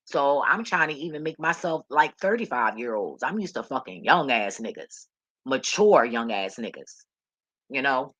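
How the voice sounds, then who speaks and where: A woman's voice: extremely low pitch, big pitch swings, moderate pace, a bit bright, no echo. A woman vlogger telling a story in a blunt, heated, profane rant.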